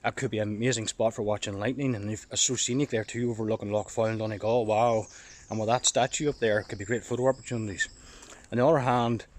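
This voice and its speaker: A Northern Irish man talks to his camera while walking a dog through the countryside, slightly out of breath from the walk. He sounds excited and thinks out loud in loose, rambling sentences. His pitch sits in an ordinary middle range. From Northern Ireland. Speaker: storm chaser vlogger. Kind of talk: casual vlog monologue.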